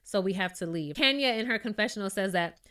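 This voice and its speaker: A woman's voice: medium pitch, animated, fast, fairly bright tone, smooth. A young adult woman recapping a reality TV episode in a casual, opinionated rant full of rhetorical questions. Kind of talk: casual ranting show recap.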